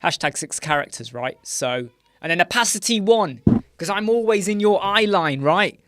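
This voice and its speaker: A man's voice: high-pitched, animated, normal speed, fairly bright tone, no echo. British guy rambling on a live chat, lots of "right?", dead dry sound. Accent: British English. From United Kingdom. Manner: chatty, leans on "right?" and filler words. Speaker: live stream host. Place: small dark room with sound panels.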